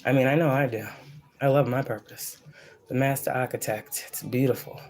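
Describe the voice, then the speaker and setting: A woman's voice: very deep voice, steady tone, a little fast, warm tone. Blunt, cussing woman giving a psychic reading. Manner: blunt and profane, rambling, preachy; repeats phrases for emphasis. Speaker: psychic reader. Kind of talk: casual channeled spiritual reading.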